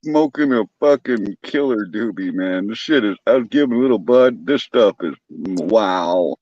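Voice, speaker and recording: A man's voice: on the low side, animated, moderate pace, darkish tone, no echo. A man calling in to a livestream, chatting in a laid-back, joking, swearing way. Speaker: guest caller on a stream. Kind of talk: casual chat. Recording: dull lo-fi call audio.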